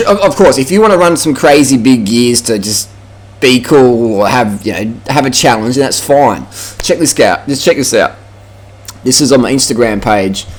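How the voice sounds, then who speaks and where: Man, Australian accent, brash, swearing, casual rant. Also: medium pitch. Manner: blunt, brash, swears freely. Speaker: cycling vlogger.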